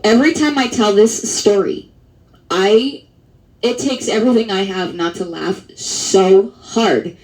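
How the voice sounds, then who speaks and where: A woman's voice: fairly low pitch, vocal fry, mellow, rough recording. Rambling, blunt woman vlogger. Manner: rambling, with many restarts and fillers; blunt and profane. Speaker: advocacy vlogger. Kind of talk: casual monologue to camera.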